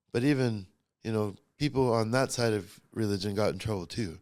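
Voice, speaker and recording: A man's voice: on the low side, a little fast, a little mellow. A middle-aged man, a podcast guest, telling his personal story in a blunt, profane and emotionally charged way.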